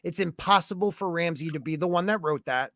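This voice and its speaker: A man hosting a podcast, chatting casually and getting excited as he agrees with his guest. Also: fairly high pitch, fairly quick, no echo, clean studio sound. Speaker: podcast host.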